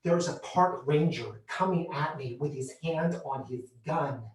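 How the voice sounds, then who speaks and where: A man performing a comic autobiographical monologue on a theatre stage, animated and exclamatory. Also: a little high, measured pace, a little hiss or hum. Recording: echoey theatre, distant mic.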